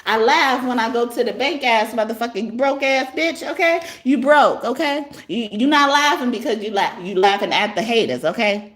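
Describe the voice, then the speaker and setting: A woman's voice: on the high side, moderate pace, a bit bright. A woman, hosting a casual livestream reading. She talks in a brash, profane way, laughing often and breaking into song. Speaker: tarot reader on a livestream.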